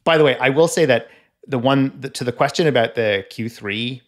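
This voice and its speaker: A Canadian man co-hosts a tech podcast, speaking briskly at medium pitch in a casual chat. He's wry and joking, often hedging his opinions.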